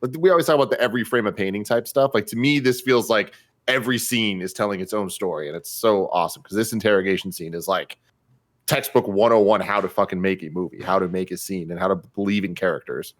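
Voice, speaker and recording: Low-voiced man gushing over a movie. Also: quick pace. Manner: gushing, enthusiastic praise. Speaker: podcast co-host. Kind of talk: casual film review chat.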